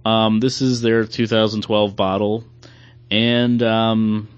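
A man's voice: on the low side, little pitch movement, slow pace, smooth, no room sound. Hesitant man, dry dull recording. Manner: hesitant, with many fillers. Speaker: podcast co-host. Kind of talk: casual chat.

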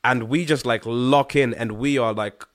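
A man from Zimbabwe tells a story as a guest musician in a casual chat. He talks in an animated, slangy way, full of fillers and the odd curse. His voice sits at a middle pitch, and the sound is dry and close, with no room echo. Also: normal speed. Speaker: guest singer-songwriter.

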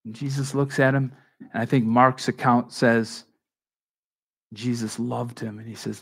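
A man's voice: mid-range voice, level tone, a little slow, vocal fry, long pauses, breathy edge. A man preaching a sermon as pastor, talking in a conversational but emphatic way, with restarts and asides to his congregation. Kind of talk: expository sermon.

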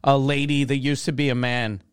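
A man's voice: mid-range voice, little pitch movement, a little fast, clean tone, no room sound, clean studio sound. A man co-hosting a comedy podcast, laid-back, riffing jokes and asides in casual chat. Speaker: podcast co-host.

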